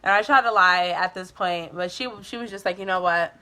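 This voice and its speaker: A woman's voice: lowish voice, brisk, sharp tone. A young woman telling a personal story in a candid, chatty way, swearing now and then and filling her talk with "like". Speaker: vlogger. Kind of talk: casual storytime. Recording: music playing under the voice.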